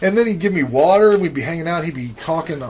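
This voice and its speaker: A man's voice: a little high, expressive, fast talker, darkish tone. A man co-hosting a podcast in casual chat, blunt and profane, laid-back, with many fillers. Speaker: podcast co-host reviewing horror films.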